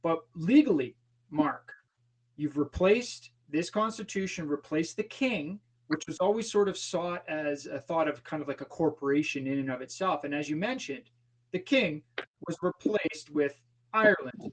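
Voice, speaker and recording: A man's voice: fairly high pitch, expressive, normal speed, rough recording. A man hosting a casual podcast discussion, rephrasing himself as he leads into his questions. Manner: leading questions, rephrases and restarts. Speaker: podcast host asking questions.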